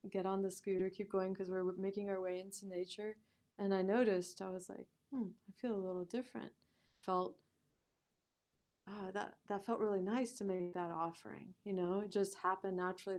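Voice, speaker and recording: Woman, podcast guest, mid-range pitch, lively storytelling, frequent laughter, acts out quoted voices. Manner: animated, laughing often, acting out quoted voices. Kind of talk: storytelling in a conversational interview.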